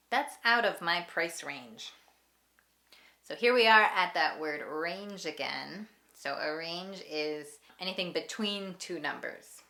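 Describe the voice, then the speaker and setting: A woman teaching English at a slow, deliberate pace, repeating each example phrase so learners can follow. Her voice is bright and slightly low-pitched, with a crisp edge. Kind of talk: ESL lesson.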